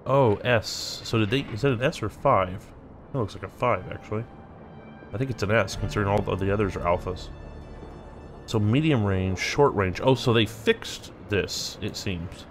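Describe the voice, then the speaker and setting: A man's voice: fairly low pitch, normal speed, faint music behind. A man hosting a let's play, thinking aloud and reading game text as he plays. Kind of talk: casual gameplay commentary.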